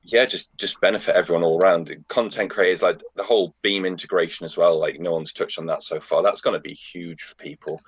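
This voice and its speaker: Deep husky man chatting upbeat. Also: steady tone, fairly quick, few pauses, no room sound, poor audio. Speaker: podcast guest. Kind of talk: casual chat.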